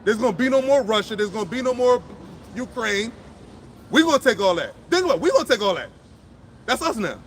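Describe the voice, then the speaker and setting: Fired-up, high-voiced man preaching outdoors. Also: animated, fast talker, long pauses, a little hiss or hum. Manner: blunt, profane and fired up, with frequent repeats. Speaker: street preacher. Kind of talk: impassioned outdoor sermon.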